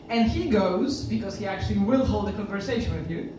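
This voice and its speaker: A woman with a Polish accent performs a stand-up set, animatedly acting out the people in her stories. Her voice sits a little high. She is heard from some way off in a very echoey room, with a faint hiss underneath. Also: fast, hardly any pauses, far from the mic. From Poland. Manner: animated storytelling, acting out other people's lines. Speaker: stand-up comedian. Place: comedy club stage.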